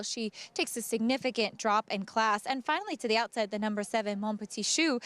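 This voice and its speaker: A woman breaks down each runner in the paddock for a horse racing broadcast. Her voice sits fairly high, and she talks in an easy, conversational way with the odd filler. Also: clear, resonant tone, dry recording. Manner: conversational, lively, with some fillers. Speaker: paddock analyst.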